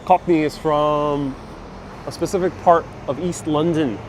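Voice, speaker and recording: A man's voice: a little high, fairly even intonation, measured pace. A man guiding a live-streamed city bus tour, chatting casually and reading out viewer comments. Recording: faint street and traffic noise.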